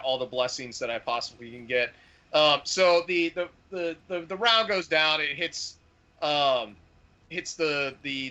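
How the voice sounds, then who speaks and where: A man playing a tabletop war game, talking in a halting way and repeating words while he checks the rules. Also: medium pitch, sharp tone, lo-fi sound. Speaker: player. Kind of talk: tabletop role-play chat.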